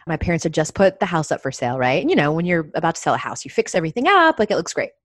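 A young woman from Atlanta, a sports TV anchor telling family stories as a podcast guest, animated and quick to imitate her dad's voice. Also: dry recording. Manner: animated, acts out her dad's voice with big pitch jumps. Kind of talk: casual storytelling chat.

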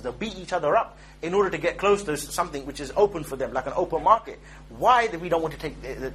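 A man's voice: a little high, a bit bright, a little hiss or hum. A man giving an informal religious lecture, conversational and joking, often checking in with his listeners. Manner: conversational, joking, keeps asking "yeah?". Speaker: Islamic preacher.

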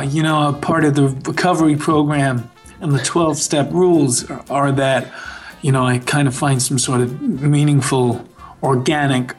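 A man's voice: mid-range voice, lightly acted. Man playing an earnest FBI agent in recovery. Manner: earnest, halting, therapy-speak.

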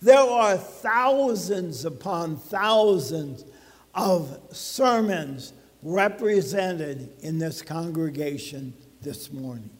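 A man's voice: a little high, lively intonation, takes it slowly, long reverb tail. A man pastor preaching a sermon to his congregation in a conversational way, putting questions to the listeners. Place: church sanctuary.

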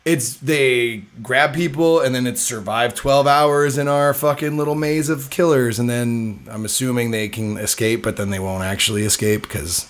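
A man's voice: medium pitch, steady tone, normal speed, hardly any pauses. A man co-hosting a podcast, chatting crudely and joking with restarts, complaining he is overheated in a hot room. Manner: profane, joking, rambling with restarts. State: overheated, sweating. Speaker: podcast co-host. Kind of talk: crude casual chat.

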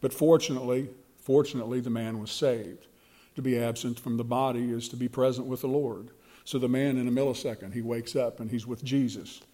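Mellow-voiced man preaching a sermon. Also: mid-range voice, fairly even intonation. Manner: storytelling, slow emphatic delivery.

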